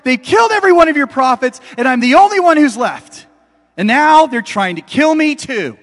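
Guy preaching, doing a frantic prophet yelling his complaint way up high, big echoey hall. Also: expressive, moderate pace. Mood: desperate. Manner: shouted, strained pleading. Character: desperate, self-pitying male prophet crying out. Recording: long hall reverb.

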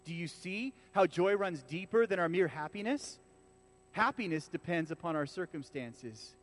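A man with a high-pitched voice delivers a sermon in a relaxed, conversational way. He talks to the congregation like friends, with lively asides and frequent restarts. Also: normal speed. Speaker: pastor. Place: church.

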